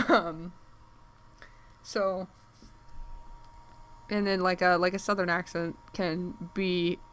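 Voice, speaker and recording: A woman's voice: on the low side, little pitch movement, slow, long pauses, fairly bright tone, a little hiss or hum. A woman thinking aloud while she sketches on a stream, rambling and easily distracted, with lots of filler words and sudden exclamations. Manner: exclaims at what she sees on screen. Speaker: artist streaming while drawing.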